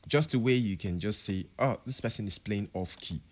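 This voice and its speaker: A man teaching a piano lesson, explaining chords and now and then singing example words to show rising and falling pitch. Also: moderate pace. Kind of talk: music tutorial.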